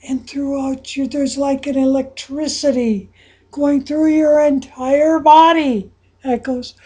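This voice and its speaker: A woman coaching listeners through a guided visualization, dropping to soft whispers and then rising to excited exclamations. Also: high-pitched, takes it slowly. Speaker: anxiety coach guiding a visualization.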